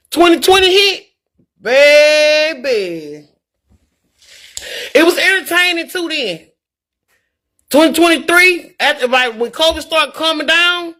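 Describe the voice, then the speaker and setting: A woman with a very high voice talks straight to her viewers in a casual vlog. She tells her stories in an animated, folksy way and often turns preachy. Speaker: vlogger. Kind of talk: casual talk to camera.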